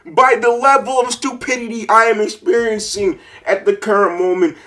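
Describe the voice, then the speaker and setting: A man telling a frustrating story in a casual rant, swearing freely and repeating himself as his anger builds into shouting. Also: high voice, measured pace, hardly any pauses. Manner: repeats words and restarts while recalling.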